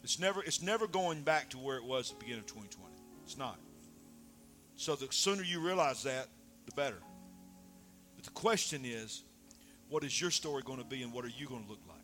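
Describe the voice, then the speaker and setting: A man preaching a sermon, dropping soft then shouting loudly. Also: medium pitch, a little fast, faint music behind. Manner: animated, swings from soft to shouting. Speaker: pastor.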